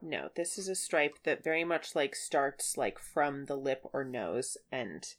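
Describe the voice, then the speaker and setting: A woman's voice: extremely low pitch, expressive, a little slow. A woman co-hosting a casual podcast chat, talking in a loose, chatty way with many fillers, and sometimes reading passages aloud. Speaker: podcast co-host.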